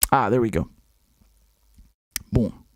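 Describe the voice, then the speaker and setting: A man's voice: fairly low pitch, slow pace, no echo. A man hosting a live stream, commenting casually and answering chat in a blunt, profane way, with many restarts, while nursing a headache. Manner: blunt, profane, animated, with many repeated words. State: has a headache.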